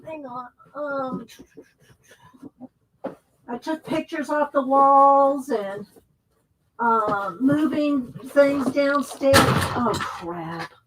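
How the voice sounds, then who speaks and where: A woman's voice: sits high, extremely slow, pauses often, a bit bright, a little hiss or hum. A middle-aged woman hosting a casual livestream, chatting in a rambling way, laughing often and greeting her viewers. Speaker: livestream host.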